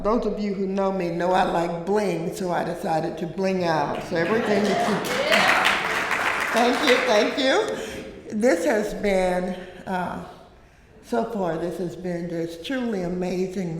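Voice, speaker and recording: A woman with a South Georgia accent talks slowly and casually through a face mask, joking easily with her listeners. Her voice rings out in a church hall with very heavy echo and a long reverb tail. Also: medium pitch, steady tone, dark tone, slight background noise. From South Georgia, USA. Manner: chatty and informal, joking with the audience. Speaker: guest speaker. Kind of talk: casual talk to a congregation. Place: church sanctuary.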